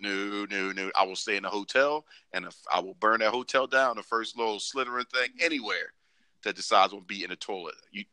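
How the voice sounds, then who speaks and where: A man co-hosting a podcast in casual chat, joking and acting out quoted lines in squeaky voices. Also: a little fast, no room sound. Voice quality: animated, joking, acts out quotes in high voices. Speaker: podcast co-host.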